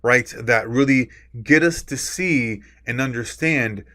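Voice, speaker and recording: A man's voice: medium pitch, takes it slowly, pushed and bright. A man teaching a recorded course lecture. He explains with examples, stresses key words on purpose and often adds a tag "right?". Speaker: course instructor.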